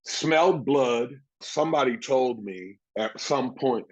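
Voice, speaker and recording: A man's voice: medium pitch, takes it slowly, rough recording. A man in his sixties, a former pro football player, telling stories in a casual interview and acting out the voices of the people in them. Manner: animated storyteller, acts out quoted voices.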